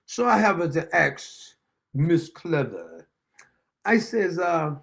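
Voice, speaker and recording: Gravelly high-voiced male livestream host. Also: very animated, a little slow. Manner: loose colloquial, chuckling often. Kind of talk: livestream commentary.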